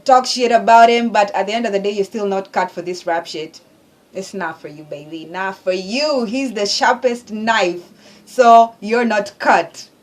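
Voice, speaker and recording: A woman's voice: medium pitch, darkish tone. A woman hosting a reaction video who breaks down rap lyrics line by line in casual, profane, emphatic chat.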